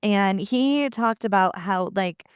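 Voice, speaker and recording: A woman co-hosting a podcast in casual, animated chat, speaking bluntly and swearing freely. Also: medium pitch, slow pace, smooth, no echo, clean studio sound. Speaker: podcast co-host.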